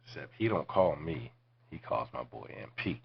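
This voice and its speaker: Very deep gravelly man telling stories. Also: expressive, normal speed, dull audio. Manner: profane, laid-back, drops to near-whispers. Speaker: podcast host. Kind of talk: casual storytelling.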